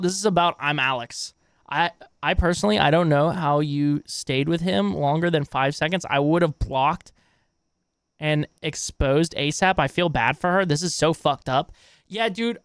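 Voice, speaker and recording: A man's voice: fairly high pitch, clear, resonant tone, no echo, clean studio sound. A young adult man streaming live and reacting to online drama in casual, swearing chat. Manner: casual, swearing, reacts loudly, laughs often.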